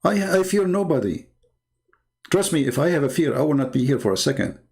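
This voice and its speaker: Gravelly-voiced man talking earnestly. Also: fairly high pitch, big pitch swings, a little fast, a little mellow. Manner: earnest, emphatic, repeats himself while telling an anecdote. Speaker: Christian debater. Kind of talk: casual personal monologue.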